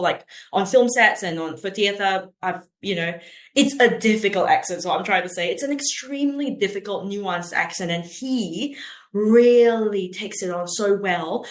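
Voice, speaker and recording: A woman from Singapore, a playwright and performer, chatting animatedly in an interview and laughing often. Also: on the low side. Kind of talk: casual interview chat. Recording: roomy echo.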